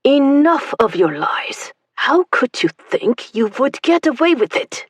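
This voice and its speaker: A woman voicing a harsh male German soldier who barks shouted commands. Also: high voice, sing-song, slow, dry recording, voice pushed up, full character voice. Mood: contemptuous.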